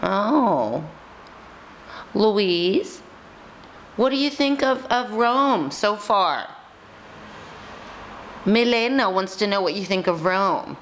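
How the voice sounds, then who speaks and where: A woman playfully interviewing her dog in a casual home video, hesitant and coaxing with many pauses. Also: medium pitch, lively intonation, slight background noise. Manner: hesitant, full of ums, coaxing.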